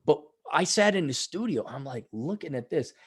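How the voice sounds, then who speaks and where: Dry-sounding middle-aged man, measured. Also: on the high side, sing-song, slightly rough, no room sound. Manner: measured, with frequent filler hesitations. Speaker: podcast guest. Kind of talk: casual chat. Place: at home. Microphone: own microphone over video call.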